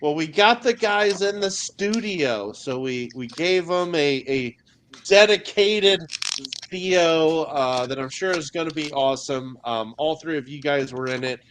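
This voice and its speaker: A man's voice: a little high, a little slow, a bit bright, slight background noise. A man hosting a casual live chat about games, upbeat and speaking to viewers at home. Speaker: host.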